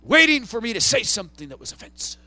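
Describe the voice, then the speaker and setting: Middle-aged guy preaching hard, high voice, dry close sound, gets loud then quiet. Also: animated, fast, dry recording. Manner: impassioned preaching, swings from soft to loud. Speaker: pastor. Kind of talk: sermon.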